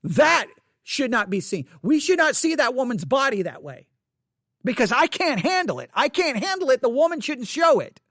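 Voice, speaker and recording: A man's voice: very high voice, sing-song, normal speed, a bit bright, dry recording, studio quality. A man hosting a casual spoken commentary, emphatic, often restarting his words.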